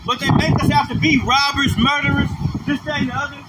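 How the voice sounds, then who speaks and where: Street preacher, male, very high voice, emphatic and slangy; outdoor livestream with loud traffic behind. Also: little pitch movement, brisk. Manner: emphatic, repetitive, slangy, ends phrases with "man". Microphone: phone or camera livestream mic.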